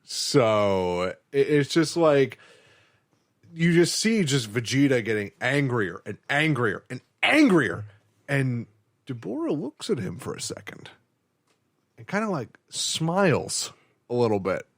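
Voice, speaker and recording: Lively young man recapping an anime. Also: medium pitch, slow. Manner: animated, laughing, swearing storyteller. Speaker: podcast co-host. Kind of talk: casual anime recap chat.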